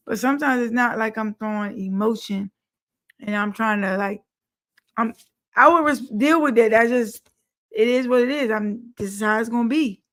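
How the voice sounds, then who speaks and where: A woman co-hosting a casual talk show, speaking in a laid-back, matter-of-fact way. Her voice sits slightly high, and she sounds unbothered as she shrugs points off. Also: moderate pace, fairly bright tone. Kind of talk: casual chat.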